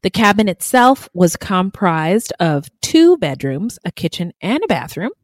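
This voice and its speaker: A woman's voice: medium pitch, very animated, a little slow, no echo. A woman co-hosting a true crime podcast, chatting casually with blunt asides and frequent laughter. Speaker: podcast co-host.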